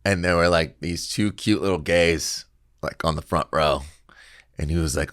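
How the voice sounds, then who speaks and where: A man's voice: low voice, moderate pace, no echo, clean studio sound. A young man, a comedian guest on a podcast, telling stories in casual chat with plenty of laughs, a little tipsy from beer. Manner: laughs often, animated storytelling with put-on voices. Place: podcast studio. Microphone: studio mic.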